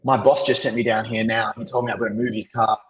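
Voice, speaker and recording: A low-voiced Australian man telling a long story as a podcast guest. He rambles through his anecdotes, padding nearly every phrase with "you know" and "like". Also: level tone, fast talker, fairly bright tone, a little hiss or hum, rough recording. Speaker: podcast guest, agency founder. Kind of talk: casual interview storytelling.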